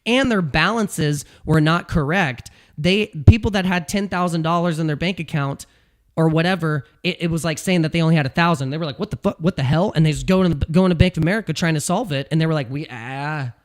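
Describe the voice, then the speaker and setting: Guy vlogging, worked up and ranting, kinda high voice, keeps repeating himself. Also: fast. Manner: animated, ranting, repeats phrases, laughs at own jokes. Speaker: crypto YouTuber. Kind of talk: casual talking-head commentary.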